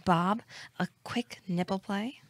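A woman's voice: mid-range voice, slow pace, dry recording. A woman playing brassy, emphatic characters in comedy sketches, such as a game show host.

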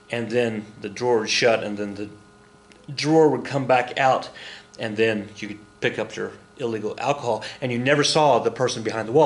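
A man's voice: mid-range voice, fairly bright tone. Chatty male history teacher, jokey asides. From Oklahoma. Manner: chatty, joking asides, many fillers and restarts. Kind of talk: casual recorded lecture.

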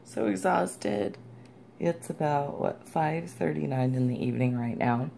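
Gravelly low-voiced woman gushing over mail. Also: normal speed, warm tone, a little hiss or hum. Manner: gushing and chatty, squeals and laughs often. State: tired. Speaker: crafting vlogger. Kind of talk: casual unboxing vlog.

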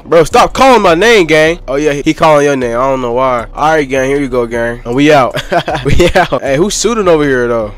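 A man's voice: a little high, moderate pace. A young man giving casual gameplay commentary, hyped and full of slangy trash talk. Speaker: gaming YouTuber.

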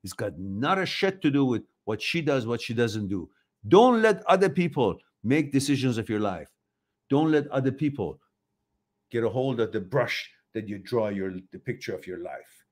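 Blunt, swearing man with lively pitch. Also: normal speed. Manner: blunt, swears freely, emphatic. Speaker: host. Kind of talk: motivational talk to viewers.

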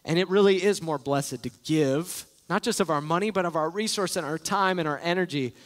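A man with a notably high voice delivers an earnest, emphatic sermon as a pastor. He drives his points home by repeating key phrases, and his voice rings through the long echo of a large church sanctuary. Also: fairly quick. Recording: echoey church hall.

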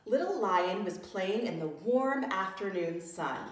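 A preschool teacher, a woman, reading a picture book aloud to young children, slow and expressive with gasps and questions to her listeners. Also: mid-range voice. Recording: very echoey room, distant mic.

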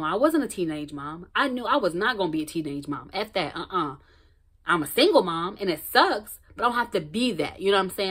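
A woman talking straight to camera in a casual motivational vlog. She is blunt and emphatic, swears freely, repeats phrases for weight, and swings between loud outbursts and hushed, near-whispered asides. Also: mid-range voice, animated, brisk, slightly rough. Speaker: motivational vlogger.

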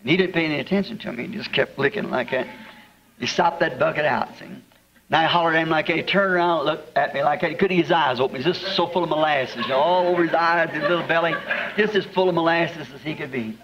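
A man with a Southern accent preaching, telling homespun stories in a chuckling, drawn-out way to a congregation. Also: fairly high pitch, a crowd in the background. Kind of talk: folksy storytelling sermon. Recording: dull lo-fi archival sermon tape, long hall reverb, faint hiss.

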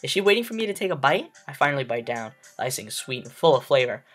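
A man reading a game's text aloud as its player, breaking off with expressive emotional reactions. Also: mid-range voice, fast talker, soft background music. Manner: expressive, reacting with emotional outbursts between read lines. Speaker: let's play host. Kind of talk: reading and reacting during a game playthrough.

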